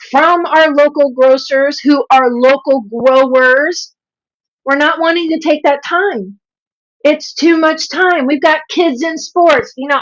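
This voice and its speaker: A woman's voice: high-pitched, a bit bright, poor audio. A woman in her fifties with a Southern drawl hosts a live stream, speaking earnestly, repeating points for emphasis and greeting viewers by name. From Southern United States. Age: 50s. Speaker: livestream host and nutrition coach.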